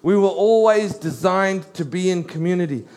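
A middle-aged man preaching a sermon, animated and storytelling, slowing down to read scripture. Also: high voice.

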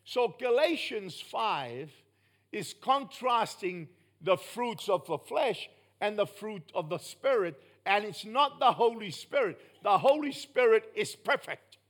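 A man preaching a sermon to a small group, swinging between loud emphatic bursts and quiet, low asides. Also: animated, slow.

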